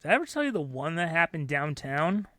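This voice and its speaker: A man co-hosting a podcast, telling animated stories in casual chat and acting out the people he quotes. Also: on the high side, fast, dry recording, studio quality. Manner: animated storyteller who acts out loud quoted voices. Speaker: podcast co-host.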